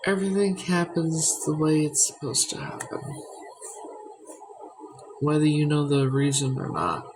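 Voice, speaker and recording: A woman's voice: deep voice, unhurried, background noise. A woman chatting candidly on a livestream from her home, blunt, rambling and swearing freely. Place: at home indoors.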